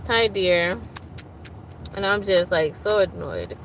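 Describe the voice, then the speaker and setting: A woman's voice: fairly low pitch, slow, noisy background. A woman hosting a casual livestream, chatting and venting while greeting viewers by name. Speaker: livestream host.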